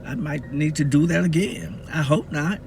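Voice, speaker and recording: A video blogger from the Southern US talks to camera in a casual, preaching monologue, laughing often between points. His voice is a little high and a little mellow, at normal speed, with soft background music behind him.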